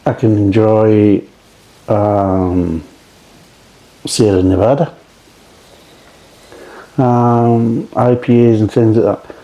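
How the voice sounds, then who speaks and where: A man's voice: lowish voice, fairly even intonation, extremely slow, pauses often, dark tone, highs cut off. A man reviewing beer in a casual, rambling way, swearing freely and drifting off into tangents. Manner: rambling, profane, digressive.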